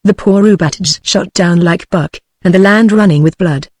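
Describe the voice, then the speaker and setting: A woman's voice: on the low side, normal speed, darkish tone, dry recording, studio quality, natural voice. A text-to-speech woman's voice with a British accent, voicing a mournful old Boer farmer in a novel. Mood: grumbling. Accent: British English. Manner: mournful, repetitive complaining.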